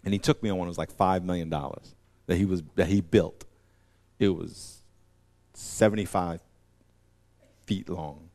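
A man preaching a sermon in a conversational way, with slang and acted-out voices, swinging between quiet asides and loud, emphatic peaks. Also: sits low, steady tone, moderate pace, long pauses.

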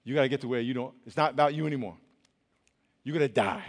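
A young man preaching as a youth pastor, animated and colloquial, swinging between loud and hushed. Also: medium pitch, quick pace. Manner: colloquial, says y'all. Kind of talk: sermon. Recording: long reverb of a large hall.

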